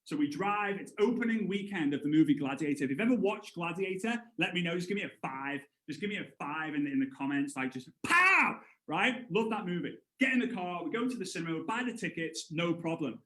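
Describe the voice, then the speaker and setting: A man's voice: on the high side, fast, hardly any pauses, echoey room, poor audio. A man in his thirties giving a live motivational sales training, telling stories energetically and acting out voices. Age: 30s. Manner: energetic storyteller, acts out voices with big jumps. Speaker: network marketing trainer.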